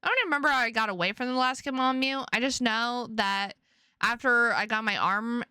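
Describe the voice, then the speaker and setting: A woman's voice: fairly high pitch, brisk, sharp tone, clear, resonant tone, no echo, studio quality. A young adult woman streamer chatting casually with her viewers, rambling and playful, often repeating her words.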